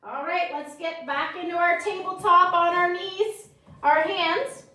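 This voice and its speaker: A woman leads a children's yoga class in a high, unhurried voice, cheering the kids on as she reads a story. She is recorded from a distance in a very echoey studio. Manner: bright encouraging instructions to children. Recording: echoey room, from far off.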